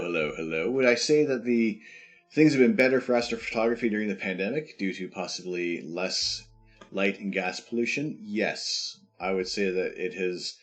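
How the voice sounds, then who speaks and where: A Canadian man streaming live, chatting casually and answering viewer questions as they come in. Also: lowish voice. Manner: relaxed, reads viewer questions aloud and answers them.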